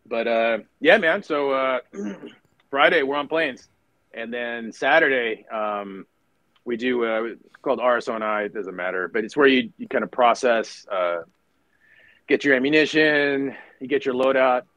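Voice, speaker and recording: On poor audio with no room sound, a middle-aged man speaks at a moderate pace in a mid-range voice. He's a retired Marine officer guesting on a podcast, animatedly telling war stories, performing others' dialogue, cursing casually, and often restarting or using fillers.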